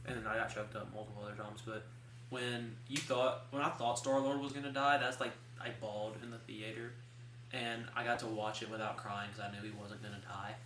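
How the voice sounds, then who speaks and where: A man's voice: fairly low pitch, flat delivery, brisk, a bit bright. Young male co-host, casual rambling chatter, recorded from a distance in a roomy space with faint hiss. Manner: rambling, chatty storytelling with many likes. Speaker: podcast co-host. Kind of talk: casual chat.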